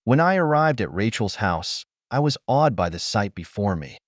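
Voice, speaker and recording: A man narrating a first-person audio story in a steady, even storytelling delivery. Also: fairly low pitch, normal speed, no room sound, studio quality.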